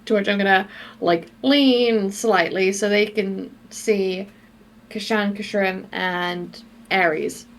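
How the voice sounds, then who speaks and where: A woman playing a tabletop game, speaking calmly and matter-of-fact. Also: mid-range voice, slow pace, slight background noise. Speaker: player. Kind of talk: casual tabletop play.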